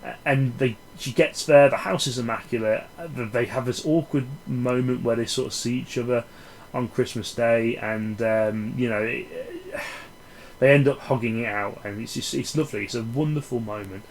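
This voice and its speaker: Englishman reviewing films, profane and sardonic, rambling delivery, average pitch. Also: fairly even intonation, moderate pace, slight background noise, poor audio. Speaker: film reviewer. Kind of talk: casual ranting film review.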